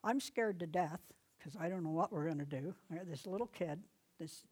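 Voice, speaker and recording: A woman's voice: lowish voice, normal speed, a little mellow, breathy edge. A middle-aged woman giving casual Bible teaching, telling personal stories in a chatty way, laughing often and raising her voice for commands. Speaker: Bible teacher and deliverance minister.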